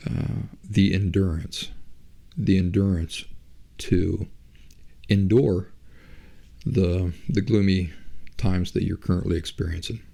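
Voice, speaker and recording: Deep and mellow with some vocal fry, his voice carries a relaxed podcast story. The telling is loose, chatty, and informal.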